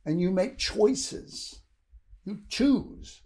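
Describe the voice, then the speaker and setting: An older man from Kentucky gives a casual, rambling motivational talk. He keeps checking in with "right?" and chuckles between points. His voice sits a little high and swings widely in pitch. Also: sing-song, moderate pace, a little mellow. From Louisville, Kentucky, USA. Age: 60s. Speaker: motivational speaker.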